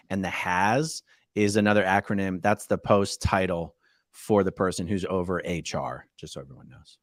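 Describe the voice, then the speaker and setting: A man's voice: fairly low pitch, dry recording, studio quality. A male host casually explaining terms for viewers, informal and plainspoken. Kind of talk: casual talk show hosting.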